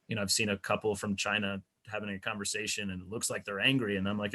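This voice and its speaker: A man's voice: fairly low pitch, fast, fairly bright tone. A man presenting a teaching webinar over a video call. He keeps it casual and interactive, often asking "right?" and acting out little everyday dialogues. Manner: conversational, many "right?" and "you know" tags; acts out everyday dialogue in quotes. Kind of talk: casual interactive workshop talk.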